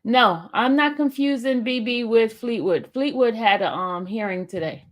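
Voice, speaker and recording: A woman hosting a casual livestream, talking haltingly with many fillers and restarts. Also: a little high. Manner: gushing and excited when greeting a viewer. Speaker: YouTube livestream host.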